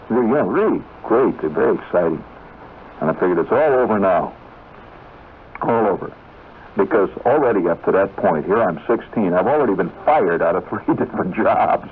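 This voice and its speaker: A low-voiced man spins a rambling story on a 1970s radio broadcast, talking straight to the listener with asides and digressions. The sound is thin and tinny, like a phone line, with a faint hiss underneath. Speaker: radio host.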